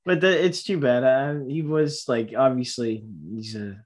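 A man's voice: medium pitch, animated, unhurried. A man co-hosting a casual movie podcast, rambling with lots of fillers and restarts. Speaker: podcast co-host.

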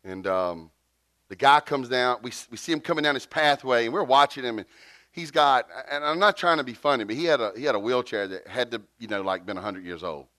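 A man, preaching a sermon and telling a story with lively jumps in pitch. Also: brisk, no room sound. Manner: animated, jumps to high pitch for quotes. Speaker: pastor.

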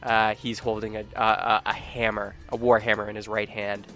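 A man's voice: fairly low pitch, moderate pace, faint music behind. Laughing young man running a game. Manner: laughing often, filler-heavy, animated. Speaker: game master. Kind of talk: narrating a tabletop game.

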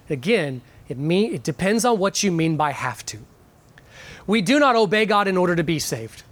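A man's voice: high-pitched, a bit bright, no echo. Earnest preacher man, dry sound. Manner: earnest, repeats key words for emphasis; pauses with frequent fillers. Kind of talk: sermon.

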